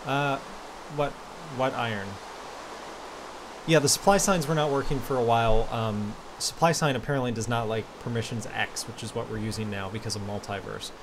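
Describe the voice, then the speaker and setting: Regular-voice guy chatting through a game, goofy, yells sometimes, noisy background hiss. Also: medium pitch, normal speed. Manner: chatty and playful, bursts into yells. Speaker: Minecraft server host reading player messages. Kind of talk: casual gaming commentary.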